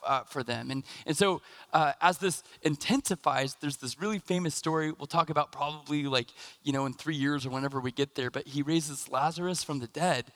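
A man in his thirties preaching a sermon in a casual, halting way, with many fillers and restarts as he tells stories. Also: on the high side, a bit bright. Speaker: pastor.

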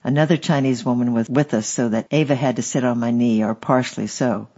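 A man reading a memoir aloud as an audiobook narrator, steady and measured. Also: medium pitch, highs cut off.

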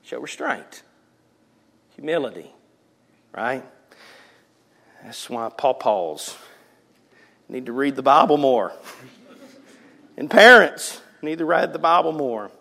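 A man's voice: medium pitch, expressive, takes it slowly, vocal fry, pauses often, pushed and bright, long reverb tail. A man in his forties from the South, preaching a sermon and telling a family story with laughter and acted-out voices. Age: 40s. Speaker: pastor. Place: church sanctuary.

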